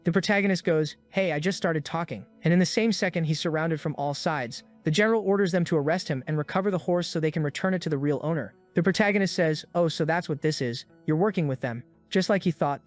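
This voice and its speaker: A man narrating a comic story recap in a brisk scripted delivery, voicing quoted lines plainly. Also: fairly high pitch.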